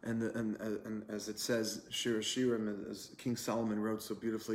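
A man's voice: on the low side, flat delivery, moderate pace, few pauses, reverberant, slight background noise. A man, a rabbi, giving a conversational online Torah class, telling a story with earnest energy and many fillers. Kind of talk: online lunch-and-learn class.

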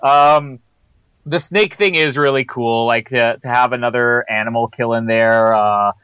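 A man's voice: medium pitch, a little slow, a bit bright, clear, resonant tone, dry recording, low-quality recording. A man co-hosting a film podcast in casual chat, rambling and teasing with chuckles. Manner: teasing, rambling, chuckles through his points. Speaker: podcast co-host.

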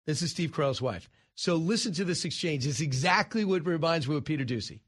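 A male talk radio host riffs through a story with lively asides, his voice sitting a little above the usual male pitch. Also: brisk, slightly rough. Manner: animated storytelling, rhetorical asides.

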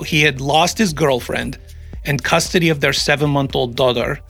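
A man's voice: on the high side, fairly bright tone. A man hosting a casual true-crime podcast, joking and rambling, often restarting sentences. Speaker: podcast host.

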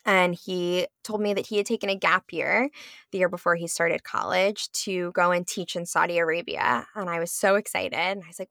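Brief: young woman, school teacher, low gravelly voice, chatty first-person storytelling, dry close sound. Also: steady tone, normal speed, a bit bright, no echo. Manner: conversational, with frequent ums and likes. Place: her home.

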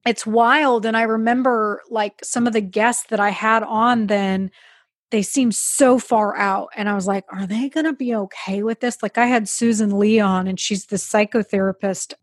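A woman's voice: medium pitch, steady tone, moderate pace, no echo. Chatty woman guest, dry sound. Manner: chatty storyteller, many "like"s. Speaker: podcast guest. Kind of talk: casual chat.

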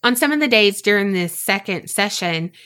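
A woman co-hosting a podcast, telling a story in casual chat, animated and swearing freely. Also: mid-range voice, normal speed. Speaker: podcast co-host.

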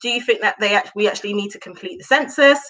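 A woman co-hosting a casual group chat, animated and exclaiming, often restarting her sentences. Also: mid-range voice, quick pace, low-quality recording. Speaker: podcast co-host.

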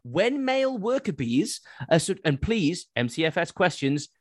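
A man hosting a casual podcast, reading odd news stories aloud with an animated, laughing delivery. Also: sits high, normal speed, no echo, clean studio sound. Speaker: podcast host.

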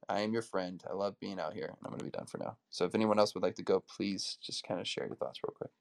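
Fast-talking gravelly man coach. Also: deep voice. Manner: heartfelt, rambling, with many restarts. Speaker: coach and speaker in a group audio room. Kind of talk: emotional personal talk.

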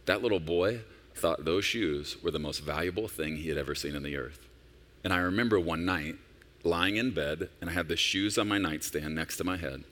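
A man's voice: deep voice, moderate pace, fairly bright tone. A senior pastor in his forties preaching a sermon in a conversational, personal storytelling manner with emphatic rises. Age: 40s.

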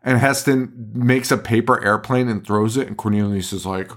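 A man's voice: lowish voice, normal speed. A man co-hosting a podcast, casually recapping a film with a lot of swearing, laughter and mocking voices for the characters. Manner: profane, animated retelling with mock voices. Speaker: podcast co-host.

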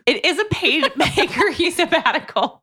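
A woman's voice: sits high, animated, moderate pace, pushed and bright. A woman co-hosting a podcast, retelling a book's plot in casual chat, full of "like". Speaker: podcast co-host. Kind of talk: casual book-review chat.

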